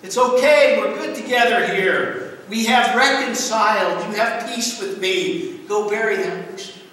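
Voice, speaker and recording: Preacher voicing a forgiving farm father, pitched high, booming back from a distant hall. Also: unhurried, sharp tone, slight background noise. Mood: exasperated, reassuring. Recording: echoey church hall from far off.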